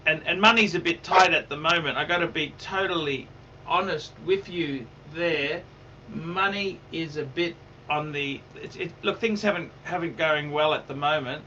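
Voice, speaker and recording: A man's voice: on the high side, moderate pace, pushed and bright, recorded from a distance, highs cut off, slight background noise. A man hosting a livestream in casual chat, rambling, repeating himself and swearing. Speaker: livestream host.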